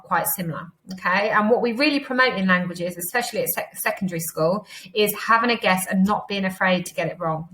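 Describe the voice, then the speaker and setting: An English woman teaching a beginner Spanish lesson, encouraging and slowing down to model each word twice for pupils to repeat. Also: mid-range voice, fairly bright tone. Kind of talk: recorded online language lesson.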